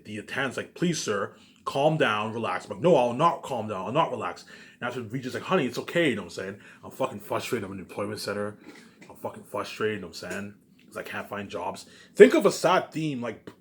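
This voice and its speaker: Rambling man with a low voice, talking fast. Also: fairly bright tone, a little hiss or hum. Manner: repetitive, stumbling restarts, keeps saying "you know what I'm saying" and "obviously"; swears casually. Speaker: vlogger pitching his movie ideas. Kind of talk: rambling casual monologue.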